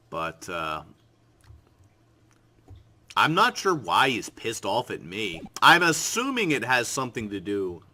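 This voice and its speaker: A man's voice: fairly low pitch, pushed and bright. A man hosting a let's play, reading game text aloud with wry, sarcastic asides. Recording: game music underneath.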